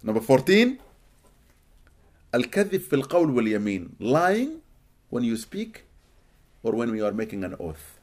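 A man from Sudan, giving an animated, expressive religious lecture to a live audience in a hall and often laughing. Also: mid-range voice, brisk, pauses often. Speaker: Islamic teacher.

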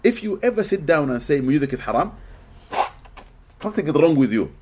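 A man from Sudan, giving an animated, expressive religious lecture to a live audience in a hall and often laughing. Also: fairly high pitch, a little fast, background noise. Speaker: Islamic teacher.

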